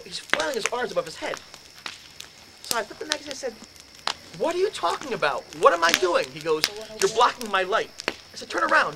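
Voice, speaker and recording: A man whose voice sits a little high for a man tells his story in a lecture room, full of lively energy as he acts out each exchange. Constant background noise runs under the recording.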